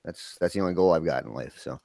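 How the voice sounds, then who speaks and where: A man's voice: very deep voice, expressive, fast talker, vocal fry, mellow, no room sound. A man, chatting casually as a guest and laughing often. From Minnesota. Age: 50s. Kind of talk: casual live-stream chat.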